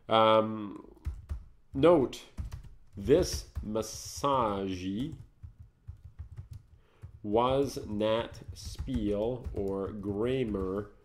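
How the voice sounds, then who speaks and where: A man hosting a live Linux tutorial, talking through each step as he works, joking and greeting viewers in the chat. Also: fairly low pitch. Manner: jokey, rambling, thinks aloud while typing. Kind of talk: live screencast tutorial, chatty.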